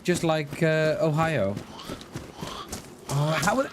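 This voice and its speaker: Man, game streamer, jokey chatty delivery, animated pitch, background noise. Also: measured pace. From Wales. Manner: chatty, laughs a lot, thanks viewers, jokey asides. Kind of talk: casual live-stream chat.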